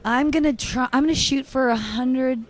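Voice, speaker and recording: A woman's voice: sits high, normal speed. A playful radio host, giggling and joking her way through a casual on-location chat. She keeps things light and teasing with her guest.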